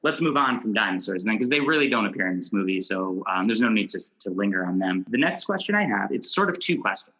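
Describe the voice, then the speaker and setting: A man's voice: lowish voice, lively intonation, fast talker, few pauses, pushed and bright, poor audio. A man hosting a casual movie podcast, asking long rambling questions and laughing often. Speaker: podcast host.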